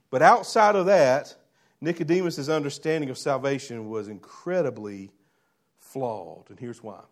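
A pastor preaching a sermon, swinging between loud emphatic lines and quiet low ones while asking the congregation rhetorical questions. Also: male voice.

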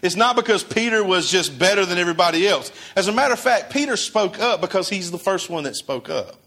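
A man preaching a sermon, his voice sitting a little high for a man. He talks to his congregation casually, asking them questions and answering them himself. Now and then he acts out quoted dialogue. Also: lively intonation, a little fast, bright, forceful tone. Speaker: pastor.

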